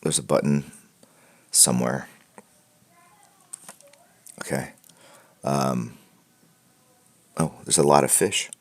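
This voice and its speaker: A man's voice: very deep voice, steady tone, slow pace, long pauses. A man hosting a live art critique stream, chatting casually and rambling with jokes, fillers and restarts while wearing headphones. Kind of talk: casual livestream chat. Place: room at home with piles of comic books.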